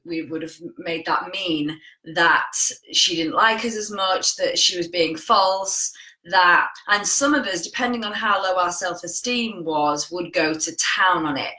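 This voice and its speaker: A woman's voice: lowish voice, a little slow, sharp tone, reverberant, poor audio. A woman hosting a casual live stream, chatting and greeting viewers by name as she tells a story. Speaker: host of a live coaching stream.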